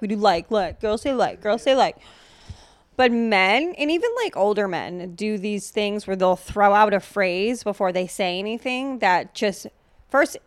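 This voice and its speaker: A woman's voice: mid-range voice, no echo. A woman co-hosting a podcast in casual chat, blunt and profane, joking, with lots of fillers. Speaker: podcast co-host.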